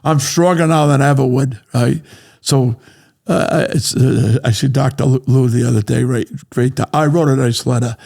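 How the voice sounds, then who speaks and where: An older man, a guest on a talk show, spins loose stories with a blunt, salty tongue. His voice is gravelly and husky at a middle pitch, and he keeps asking "right?" and laughing through his tales. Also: fairly even intonation, moderate pace, darkish tone. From Rhode Island, USA. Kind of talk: casual storytelling.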